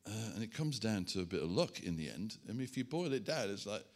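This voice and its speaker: A man preaching a sermon, animated and self-mocking, chatting with the congregation as he works through a demonstration. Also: on the low side, quick pace. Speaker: pastor. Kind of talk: sermon with props. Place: church hall.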